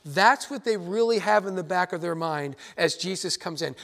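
A pastor delivers a sermon in a fairly high male voice. He speaks earnestly and with emphasis, circling back to repeat key phrases so his listeners catch them. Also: normal speed, vocal fry, few pauses, pushed and bright.

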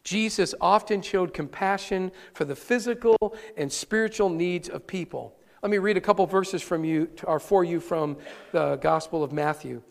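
A male pastor preaching a sermon live, earnest and animated, often restarting his words. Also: high voice, normal speed, creaky, in a large hall. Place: church sanctuary, live-streamed service.

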